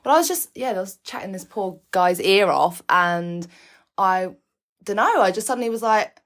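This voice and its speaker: A woman's voice: medium pitch, moderate pace. A woman in her thirties co-hosting a casual podcast, telling stories with frequent giggles. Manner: giggly, animated storyteller. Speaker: podcast co-host. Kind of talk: casual chat. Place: small bedroom.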